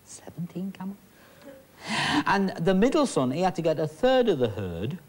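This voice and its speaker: A man's voice: a little high, wildly swooping pitch, brisk. A man performing magic with chatty, teasing patter for an audience. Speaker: stage magician.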